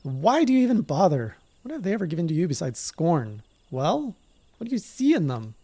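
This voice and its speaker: A man's voice: a little high, big pitch swings, a little fast, dark tone, pitched above the performer's own voice. A man voicing a frustrated young rival archer in a game, speaking in an urgent, questioning way.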